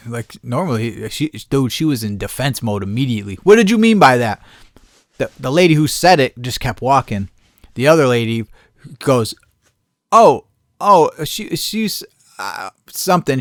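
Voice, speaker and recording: A man's voice: mid-range voice, no echo, studio quality. A man hosting a podcast, telling a story in casual chat, swearing often and laughing as he goes. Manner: profane, animated, laughing storyteller. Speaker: podcast host.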